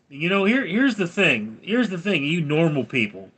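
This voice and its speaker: An older man hosting a livestream, reading viewer comments aloud in a dry, deadpan way. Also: fairly high pitch, normal speed, hardly any pauses, slightly rough. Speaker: livestream host reading chat. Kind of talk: casual livestream chat.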